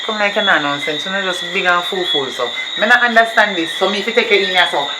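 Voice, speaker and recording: A man's voice: high voice, fast, lightly acted. A man playing a fierce scolding Jamaican mother. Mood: stern. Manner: scolding, shouting in patois. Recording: noisy outdoor night recording, loud crickets.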